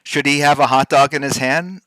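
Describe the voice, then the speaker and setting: A man's voice: mid-range voice, fairly even intonation, normal speed, fairly bright tone, dry recording, clean studio sound. A man hosting a live drawing stream, chatting casually and playfully with his chat while he works, teasing them and repeating words to practice saying them.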